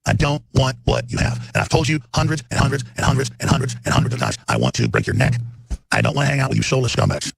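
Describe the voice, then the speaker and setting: Gravelly, fast-ranting male talk host. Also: medium pitch, huge pitch swings, dry recording. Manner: ranting, emphatic, rambling. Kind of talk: unscripted live monologue.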